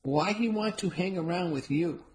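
A woman's voice: lowish voice, moderate pace, darkish tone, natural voice, low-quality recording. A woman voicing a blunt, cranky elderly Italian immigrant woman who speaks broken English with an Italian accent. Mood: scornful. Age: older.

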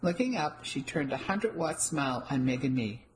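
A woman reading a first-person mystery novel aloud in an even, descriptive storytelling manner. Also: rumbling low, normal speed, hardly any pauses, rough recording. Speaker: audiobook narrator.

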